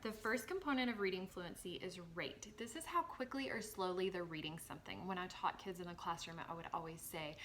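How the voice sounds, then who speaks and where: A woman with a Southern US accent, a former teacher explaining reading skills to parents in a clear, encouraging tutorial. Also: on the low side, brisk, few pauses, a bit bright, slight background noise. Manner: clear, encouraging, models examples with her voice.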